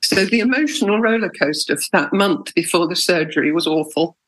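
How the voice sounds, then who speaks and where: A woman's voice: on the low side, a little fast, a bit bright, poor audio. Candid woman telling her story. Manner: candid, emotional storytelling with hesitations. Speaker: interviewee, patient. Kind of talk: personal interview.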